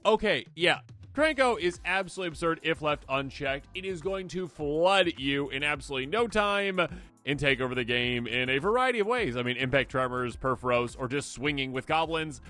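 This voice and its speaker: A man hosting a card game video, talking casually and excitably, slipping into quick imagined voices. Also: on the high side, faint music behind. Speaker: host.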